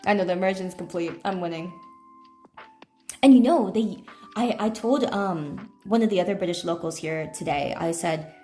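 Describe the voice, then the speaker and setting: With faint music behind her, a woman streamer from the United States spins rambling, casual stories full of fillers and self-corrections. She speaks at a moderate pace in a fairly low, dark-toned voice.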